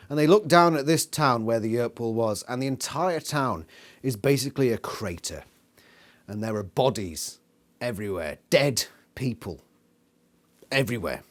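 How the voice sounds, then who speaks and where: A man reviewing a book in a casual vlog, sweary, sarcastic and exasperated. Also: medium pitch.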